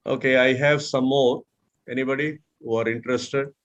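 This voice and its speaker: A speech mentor with an Indian English accent leads an online speaking class over video call, patiently demonstrating tones by example. His voice is medium-pitched and a bit bright, with a steady tone and normal speed.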